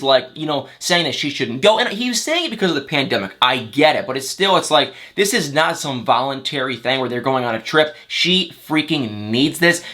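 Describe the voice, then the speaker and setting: A man who hosts a celebrity gossip channel, recapping a reality show in a chatty, exasperated, animated way. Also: on the high side.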